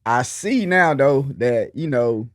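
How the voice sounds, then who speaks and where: A mid-pitched man, a guest on a podcast, tells stories with lively energy and laughs easily. He also gives earnest, heartfelt advice. His voice sounds dry and close to the mic. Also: slow, no room sound. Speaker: guest father. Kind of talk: casual conversational interview.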